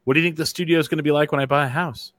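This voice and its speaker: A man's voice: a little high, steady tone, rapid-fire, a bit bright, no room sound. A man hosting a casual chat show, joking and teasing his guests. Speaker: show host.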